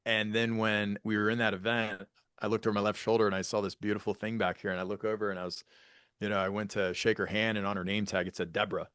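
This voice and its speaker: Low-voiced male podcast guest, dry sound. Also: little pitch movement, fast talker, a bit bright, clear, resonant tone, no room sound. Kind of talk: casual conversation.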